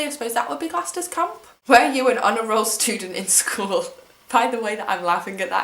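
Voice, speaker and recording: This English woman in her twenties has a medium-pitched, fairly bright voice that echoes a bit. She's doing a casual tag video from home, answering questions in a chatty, wry way and poking fun at herself.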